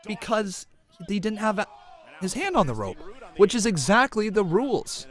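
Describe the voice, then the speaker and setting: A man doing live reaction commentary on a wrestling show, screaming and cheering at big moves and chatting calmly with viewers in between, over a cheap microphone. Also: high-pitched, normal speed. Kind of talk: excited live play-by-play commentary and chat.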